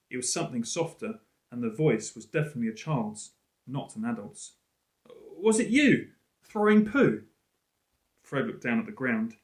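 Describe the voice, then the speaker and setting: A male teacher reading a storybook aloud in an expressive, lively way. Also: medium pitch. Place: school room. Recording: roomy echo.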